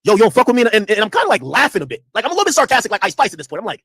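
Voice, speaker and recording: A man's voice: high-pitched, racing, hardly any pauses, breathy edge, no echo, studio quality. A man streaming casual commentary, telling a story in a loose, profane way and acting out the people in it. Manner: animated, profane, acts out quotes.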